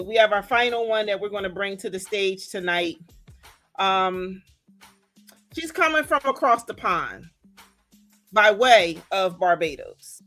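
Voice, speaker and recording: A woman's voice: fairly high pitch, a bit bright. A woman hosting an event recap, chatty and enthusiastic as she introduces a guest. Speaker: host.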